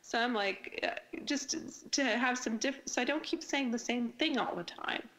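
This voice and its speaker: A woman's voice: fairly high pitch, normal speed, a bit bright, slight background noise, low-quality recording. A woman author, a guest on a podcast interview, chatting casually and enthusiastically, with lots of fillers and restarts. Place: podcast recording.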